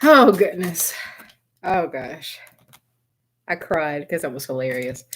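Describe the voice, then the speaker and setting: This tarot reader has a deep, expressive voice and speaks slowly over a faint hiss or hum. She's live streaming, greeting viewers by name, chatty and giggly, often dissolving into laughter and saying sorry.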